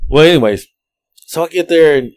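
A man, a podcast co-host telling rideshare driving stories in a profane, animated way, acting out the quotes. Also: on the high side, moderate pace. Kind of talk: casual storytelling chat.

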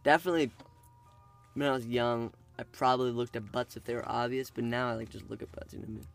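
Gravelly-voiced relaxed young man. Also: medium pitch, fast, faint music behind. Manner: relaxed, drawling, often trails off quietly. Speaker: podcast co-host. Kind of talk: casual chat.

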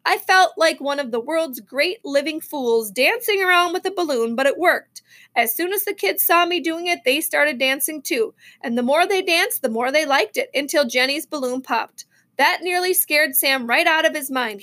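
A woman reading a children's novel aloud, expressive, with small slips and restarts. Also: high-pitched, moderate pace. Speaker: reader.

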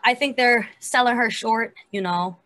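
A woman's voice: fairly high pitch, a little slow, a bit bright, slight background noise. A woman co-hosting a podcast, chatting animatedly about a TV episode with lots of fillers. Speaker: podcast co-host. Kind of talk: casual chat reviewing a TV episode.

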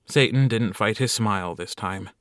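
A man's voice: on the low side, moderate pace, fairly bright tone, dry recording. A man narrating an audiobook story in a dry, wry storytelling manner.

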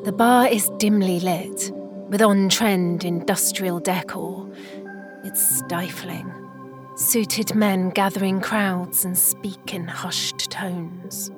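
A woman reading a poem and a short story aloud in a soft, solemn storytelling manner. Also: on the low side, fairly even intonation, slow pace, over music. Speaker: reader of poems and stories. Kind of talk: slow literary reading.

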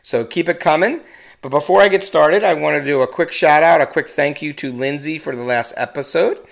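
A man's voice: on the high side, brisk, vocal fry. A man hosting a casual podcast, swearing and laughing at himself as he restarts his intro again and again. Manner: profane, self-mocking, restarts often. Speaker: podcast host.

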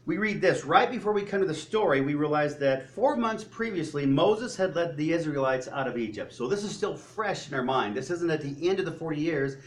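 A man preaching a sermon, telling stories with joking asides and animated retellings. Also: fairly high pitch, brisk, hardly any pauses. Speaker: pastor.

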